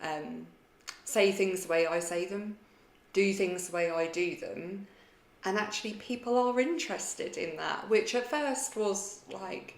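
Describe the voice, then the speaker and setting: A woman speaks thoughtfully and earnestly in a relaxed chat, pausing with small fillers. The room around her has a clear echo. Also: medium pitch. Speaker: podcast co-host. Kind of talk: casual chat. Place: kitchen table at home. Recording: echoey kitchen room.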